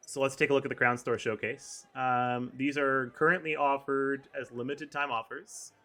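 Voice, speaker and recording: A man co-hosting a casual gaming podcast goes over store items and events, with frequent ums and self-corrections. His mid-range voice is bright and forceful, fairly even in intonation, at a measured pace.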